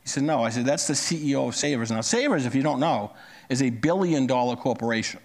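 A man's voice: mid-range voice, lively intonation, fast. A man in his sixties telling a personal story in a plain-spoken, conversational way. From United States. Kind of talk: storytelling talk.

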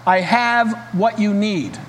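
A man voicing a calm male stranger who brings fire, speaking in a gentle, inviting way. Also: high-pitched, slow pace. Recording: reverberant hall, faint hiss.

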